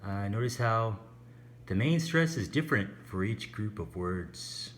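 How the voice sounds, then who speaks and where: Male English teacher, slow and patient, low voice with lively intonation. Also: slight background noise. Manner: slow, patient explaining with drawn-out example words. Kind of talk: online English lesson.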